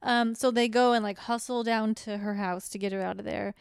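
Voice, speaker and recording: A woman's voice: mid-range voice, steady tone, a little fast, vocal fry, clean tone, dry recording, studio quality. A young woman co-hosting a podcast, chatting casually and laughing as she recaps a movie and puts on voices for the characters. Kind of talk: casual chat.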